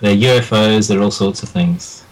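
An Australian man on a podcast, slipping in dry, cheeky jokes. His voice sits on the lower side. He talks in an easy, casual way. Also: fairly even intonation, normal speed, low-quality recording. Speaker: podcaster, guest. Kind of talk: casual comedic chat.

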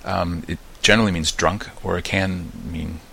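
A man's voice: low-pitched, fairly even intonation, moderate pace, creaky, bright, forceful tone, breathy edge. An American man with a slight New Zealand mix in his accent, hosting a podcast in a rambling, chatty monologue full of ums and restarts. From United States. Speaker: podcast host.

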